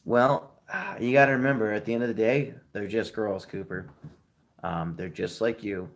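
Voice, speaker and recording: A man's voice: fairly low pitch, fairly even intonation, normal speed, gravelly. A young man in his twenties hosting a casual live stream, chatting with viewers and giving friendly advice.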